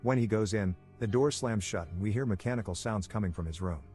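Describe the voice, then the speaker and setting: A man's voice: lowish voice, fairly quick, music in the background. A man narrating a scripted movie recap, with dry, wry asides.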